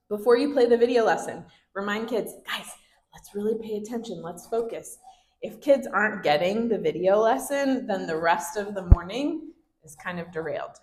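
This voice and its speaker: Woman, training talk, upbeat, acts out teacher phrases, roomy echo. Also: mid-range voice. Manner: upbeat, demonstrates classroom phrases in a bright teacher voice. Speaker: kids ministry trainer.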